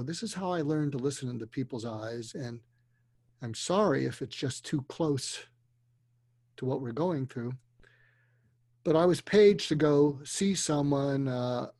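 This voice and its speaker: Husky older man telling a story. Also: medium pitch, no room sound. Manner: earnest, slow and deliberate, dropping to a hushed voice for emotional moments. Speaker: guest, psychiatrist. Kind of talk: storytelling in a conversation. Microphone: video call.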